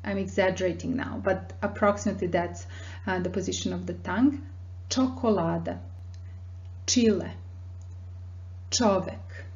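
A woman teaching a language lesson, patiently explaining mouth positions and demonstrating sounds slowly. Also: fairly low pitch, little pitch movement, a little mellow, lo-fi sound.

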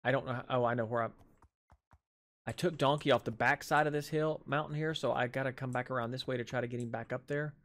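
Talking fast in a mid-range, slightly bright voice with fairly even intonation, a gaming channel host gives casual let's play commentary. He chats to himself and the animals in the game, his jaw sore after dental work.

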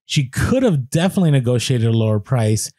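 A man co-hosting a podcast, telling an animated story with quoted voices and many restarts. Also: medium pitch, a little fast, dry recording. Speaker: podcast co-host.

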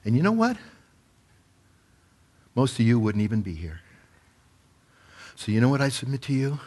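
A man preaching as pastor, retelling a parable with lively acted-out voices. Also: medium pitch, normal speed, breathy edge. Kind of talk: sermon.

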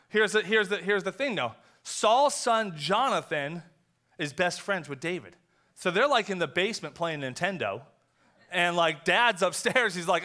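A male pastor giving a conversational sermon, telling a story with quick acted asides. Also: high voice, animated, bright, forceful tone. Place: church sanctuary.

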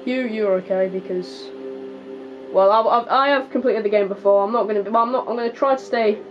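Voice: mid-range voice, fairly quick, soft background music. Rambling British young gamer. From Britain. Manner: rambling, jokey, talking to the characters on screen. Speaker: gaming video host. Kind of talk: casual let's-play commentary. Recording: slightly dull mic with faint hiss.

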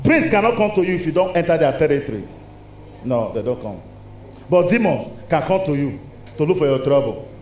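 A man with a Nigerian accent preaching a lively sermon in a church, asking the congregation rhetorical questions. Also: fairly high pitch, a little fast. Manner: animated, call-and-response preaching with rhetorical questions. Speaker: pastor. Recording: echoey hall with faint noise.

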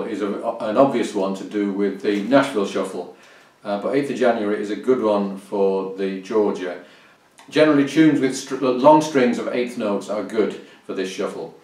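A man's voice: medium pitch, a little mellow. A man explaining and demonstrating fiddle bowing as a teacher, counting beats aloud and humming rhythms. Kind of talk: instructional explanation. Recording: roomy, distant mic, fiddle playing.

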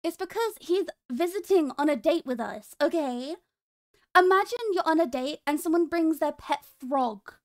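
A woman chats on a live stream in a high voice. She teases and jokes and laughs often, playful throughout. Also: animated, moderate pace. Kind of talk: casual live-stream chat.

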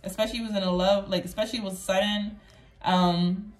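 A woman's voice: medium pitch, steady tone, fast, a little mellow. Chatty woman giving a tarot reading. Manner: rambling, chatty, fills speech with "like"; earnest, affirming, addresses viewer directly. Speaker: tarot reader. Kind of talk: casual pick-a-card tarot reading to viewers.

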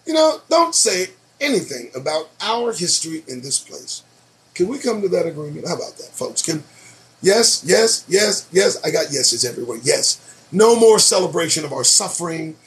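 Male solo host, high and expressive voice, profane and sarcastic running commentary on news items. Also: a little fast. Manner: profane, sarcastic and animated, reacting to headlines. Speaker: show host.

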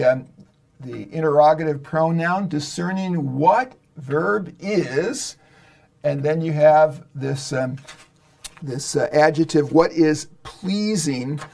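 A man, a seminary professor, explaining a Bible passage verse by verse in a podcast lecture, slow and halting with many fillers. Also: on the high side, vocal fry, darkish tone.

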